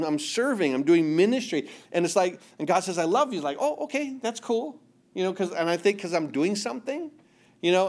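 A middle-aged man preaching a sermon, earnest, often repeating words and dropping to a hush for emphasis. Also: sits high. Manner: earnest, repeats words, swings between loud emphasis and hushed quiet. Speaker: pastor.

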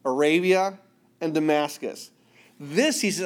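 Male preacher with a slightly high voice, dramatic sermon delivery, plays the voices in the verses he reads. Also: normal speed. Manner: dramatic, drops to near-whisper for quiet passages; acts out biblical voices, asks listeners "do you understand?".

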